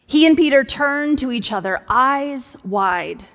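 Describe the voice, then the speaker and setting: A woman's voice: sits high, expressive, measured pace, few pauses, a bit bright. A woman pastor preaching a sermon in a conversational, playful way with humorous asides. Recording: long hall reverb.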